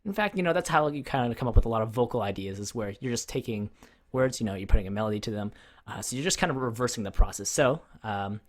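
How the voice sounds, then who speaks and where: A man talks through songwriting tips in a loose, unscripted tutorial. He wanders a little, leans on fillers, and hums short rhythms to demonstrate. His voice sits at an ordinary middle pitch. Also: fast. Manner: relaxed, rambling, many fillers, hums rhythms aloud. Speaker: music producer teaching. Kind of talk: casual tutorial talk.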